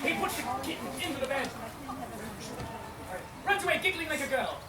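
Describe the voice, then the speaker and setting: A woman's voice: sits high, expressive, a little fast. A woman leading a playful, laughing audience-participation story for a live crowd outdoors. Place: outdoors in a busy public space. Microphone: far from the recording device. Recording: distant echoey outdoor recording with crowd noise. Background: loud crowd and ambient noise.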